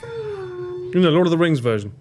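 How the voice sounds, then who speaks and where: A man's voice: sits high, wildly swooping pitch, moderate pace, warm tone, soft background music. Incredulous swearing streamer, a man. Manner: swears a lot, laughs, incredulous. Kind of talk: live reaction stream.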